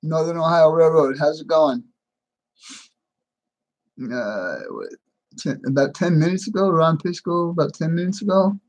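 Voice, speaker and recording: A middle-aged American man runs a casual live stream, welcoming viewers one by one. His voice sits a bit high for a man, and he chuckles often between greetings. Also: measured pace, long pauses, darkish tone, rough recording. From United States. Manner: chatty, laughs often, greets each viewer by name.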